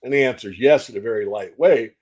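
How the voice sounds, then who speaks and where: An older man answering interview questions as a market analyst, measured and folksy, repeating phrases for emphasis. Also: mid-range voice, darkish tone, husky. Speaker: silver market analyst guest.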